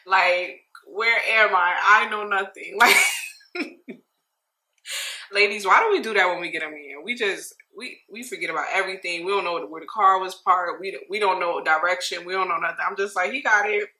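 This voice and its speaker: A young woman recapping a reality show in casual, slangy chat, animated and laughing often. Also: fairly low pitch, moderate pace. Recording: roomy echo.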